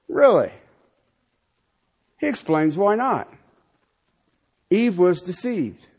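A male pastor preaching with a high, husky voice that swings widely in pitch. He talks slowly and emphatically, firing off rhetorical questions and checking in with "Okay?" as he teaches. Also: big pitch swings, a little mellow. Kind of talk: sermon.

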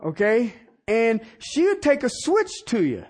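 A pastor delivers a sermon in a high, lively voice that leaps up and down in pitch. He preaches in a folksy, colloquial way, asking rhetorical questions and rising to shouts before dropping to hushed remarks. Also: measured pace, pauses often, husky.

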